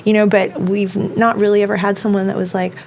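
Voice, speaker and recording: She's a self-defense instructor guesting on a podcast, chatty and leaning hard on fillers like "like" and "you know." The mid-range voice is level, a little fast, creaky and slightly mellow, over a faint hiss or hum.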